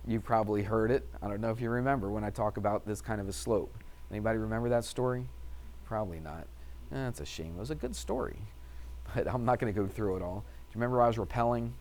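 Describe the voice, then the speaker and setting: A man's voice: fairly low pitch, fast talker, darkish tone, a little hiss or hum. A man teaching a math class, asking the students questions and telling a personal story in a chatty way. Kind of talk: classroom lecture with anecdote.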